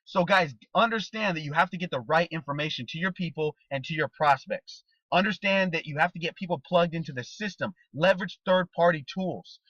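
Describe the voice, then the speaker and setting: A network marketing trainer coaches his team in a motivational talk, his slightly raised, fairly high voice bright and forceful. He speaks briskly with hardly any pauses, pressing points with rhetorical questions and checking in with "okay?". The recording is dry, a little dull, with no echo.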